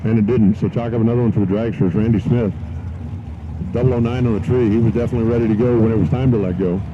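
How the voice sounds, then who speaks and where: A man's voice: lowish voice, steady tone, quick pace. A man doing live commentary as announcer at a drag race, mixing race calls with folksy joking asides. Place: outdoor dragstrip. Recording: dull live-stream audio with loud track noise.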